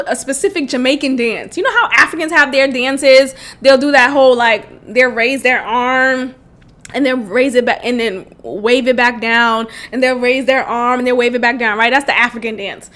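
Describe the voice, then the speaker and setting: High-voiced woman in her thirties, laughing a lot. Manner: laughs often, animated and chatty. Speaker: podcast host. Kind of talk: casual comedic monologue.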